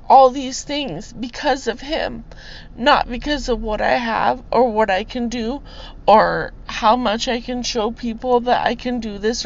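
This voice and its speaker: A young woman hosting a podcast, giving an earnest, preachy faith testimony and growing tearful at times. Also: on the high side. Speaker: podcast host sharing her testimony. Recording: slightly dull lo-fi sound with faint hiss.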